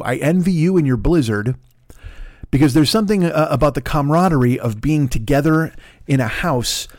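A man's voice: mid-range voice, no room sound, studio quality. Profane rambling man ranting on a podcast. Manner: profane, rambling, animated rants. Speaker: podcast host. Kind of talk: casual comedic monologue. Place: home apartment in Los Angeles.

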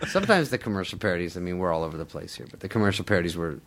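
Animated man telling a comedy-writing story. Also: sits low, racing. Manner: animated, laughs often, acts out other people; swears casually. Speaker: guest comedian. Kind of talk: storytelling in a radio interview.

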